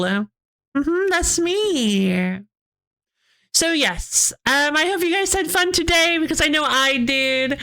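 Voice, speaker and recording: A woman's voice: high-pitched, animated, slow, bright, forceful tone. A woman streamer chatting casually with her viewers, rambling, restarting her sentences and giggling often. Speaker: game streamer. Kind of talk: casual live-stream chat, answering chat.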